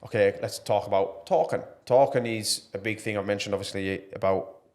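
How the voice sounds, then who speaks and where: A man's voice: on the low side, normal speed. A man talking earnestly and passionately as a podcast guest, with plenty of fillers. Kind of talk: casual podcast interview.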